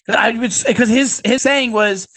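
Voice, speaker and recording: A man's voice: extremely high pitch, a little slow, a bit bright. A man guesting on a comedy podcast, telling chatty, jokey stories in casual banter.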